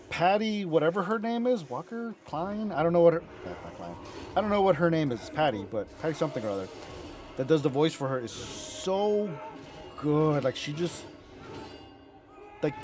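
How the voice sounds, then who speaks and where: A man chatting casually as he reacts to game cinematics, excitable, rambling and profane. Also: a little high. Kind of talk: casual chat.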